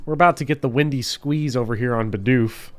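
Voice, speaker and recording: A man hosting a Let's Play, chatting and telling stories in a laughing, animated way. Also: mid-range voice, brisk, soft background music. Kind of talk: casual gaming commentary.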